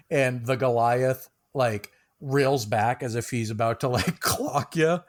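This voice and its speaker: A man's voice: mid-range voice, takes it slowly, hardly any pauses. A man narrating a tabletop game as game master, casual and loose, with many fillers and small laughs.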